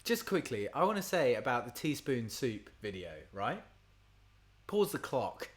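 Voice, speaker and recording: A man's voice: medium pitch, very animated, measured pace. A man, chatting casually and rambling on a livestream for his supporters as a singer-songwriter. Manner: rambling, chatty, lots of fillers.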